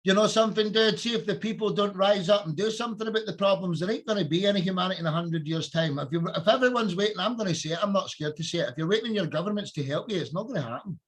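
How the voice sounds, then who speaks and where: A man's voice: sits high, rapid-fire, hardly any pauses. A man hosting a podcast, talking in an impassioned, preachy, emphatic way. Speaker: podcast host. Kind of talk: casual chat.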